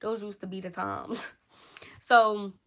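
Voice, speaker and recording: Casual storytime vlogger, woman in her thirties, animated and direct to camera. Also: medium pitch, slow pace. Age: 30s. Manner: chatty, talks straight to viewers, animated retelling.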